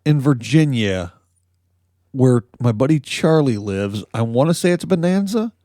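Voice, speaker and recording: A man's voice: medium pitch, animated, measured pace, mellow, no room sound, studio quality. Jokey man co-hosting a comedy podcast. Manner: jokey, laughs often, rambling asides. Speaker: podcast co-host. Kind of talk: casual comedy podcast chat.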